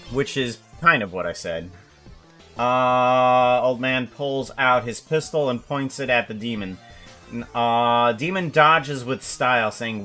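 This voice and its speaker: A man's voice: medium pitch, slow, sharp tone, faint music behind. A man thinking aloud as he plans an animation, musing and correcting himself with many fillers. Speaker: animator planning a script. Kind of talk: thinking aloud while working.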